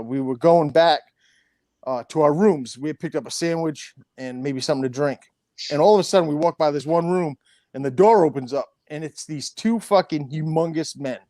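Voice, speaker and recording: A man's voice: a little high, mellow, no room sound, clean studio sound. A middle-aged man telling a long, profane story in casual chat, rambling with many restarts. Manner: rambling, swears often, restarts. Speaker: storyteller guest.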